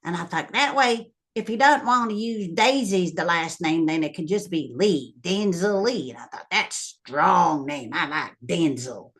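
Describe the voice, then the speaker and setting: A woman's voice: mid-range voice, expressive, moderate pace, hardly any pauses, fairly bright tone. A woman telling a family story to her viewers in a casual, rambling way, full of ums and little laughs. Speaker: vlogger.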